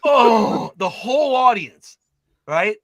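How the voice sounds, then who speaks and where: A man's voice: a little high, animated, normal speed, bright, forceful tone, no echo. A man retelling film scenes in casual chat, acting out the characters' lines as he goes. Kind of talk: animated storytelling in casual chat.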